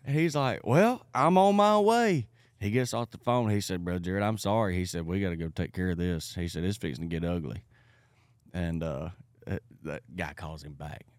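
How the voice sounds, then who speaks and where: Male evangelist, very low voice, lively anecdote teller, close dry mic. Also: a little fast, no room sound. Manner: animated storyteller acting out quoted voices. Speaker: evangelist guest. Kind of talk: casual storytelling.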